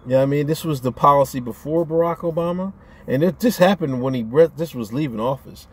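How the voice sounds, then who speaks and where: A man's voice: on the high side, a little fast. A man ranting on his own channel in a casual, profane, rambling way, often stammering as he restarts his sentences. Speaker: vlogger. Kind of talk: casual rant to camera.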